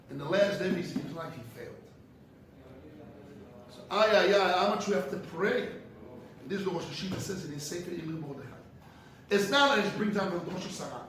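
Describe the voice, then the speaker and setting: Brief: high-pitched male preacher, fervent and emphatic, recorded far off in a very echoey hall. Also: brisk, a bit bright. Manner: impassioned and emphatic, sometimes rising to cries. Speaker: head of a yeshiva. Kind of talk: ethical sermon to students. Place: large echoey study hall. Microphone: distant room mic. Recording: very echoey hall, far from the mic, faint noise.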